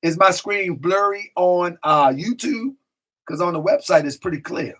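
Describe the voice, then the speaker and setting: A man's voice: high voice, a little slow, a bit bright. A man hosting a live stream, chatting casually, reading out viewer comments and often repeating himself. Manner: talks to chat directly, repeats himself, drifts off mic.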